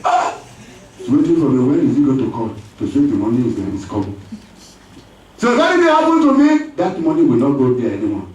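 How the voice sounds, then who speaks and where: A man preaching a sermon as pastor, lively, with call-and-response and acted voices. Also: mid-range voice, brisk. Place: church hall. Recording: echoey church hall from far off.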